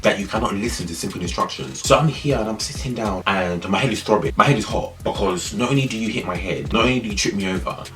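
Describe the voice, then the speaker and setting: A young man with a very low voice tells a story at a quick clip. His delivery is emphatic and animated, and he repeats phrases to hammer a point home. Faint music sits behind him. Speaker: vlogger telling a story. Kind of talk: casual storytime monologue.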